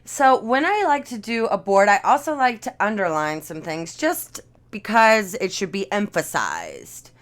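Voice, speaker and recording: A woman's voice: medium pitch, big pitch swings, measured pace, hardly any pauses. Chatty woman teaching chalk lettering. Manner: chatty, encouraging, talks while drawing. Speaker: art instructor. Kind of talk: casual video lesson. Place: living room at home.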